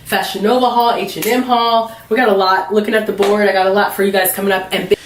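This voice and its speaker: A woman's voice: mid-range voice, little pitch movement, fast, far from the mic, a little hiss or hum. A woman vlogger chatting casually to camera, upbeat and rambling with fillers. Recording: roomy echo, a little off-mic.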